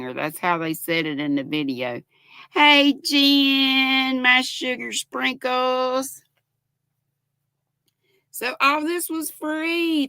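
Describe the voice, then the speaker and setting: A woman's voice: high-pitched, pushed and bright, no echo. An older woman, hosting a casual live-stream chat and reading viewer comments aloud in a chatty, affectionate way. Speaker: host.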